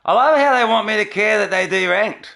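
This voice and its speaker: Sarcastic gravelly gamer guy. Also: sits high, a little fast, pushed and bright. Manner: sarcastic, mocking, laughing often. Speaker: gaming channel host. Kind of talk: gameplay commentary.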